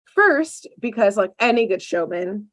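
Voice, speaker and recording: A woman's voice: medium pitch, a little slow. A woman hosting a podcast, casually recapping a cartoon episode and acting out the characters, with lots of "like" fillers. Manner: animated storyteller acting out characters with many "like" fillers. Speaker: podcast host.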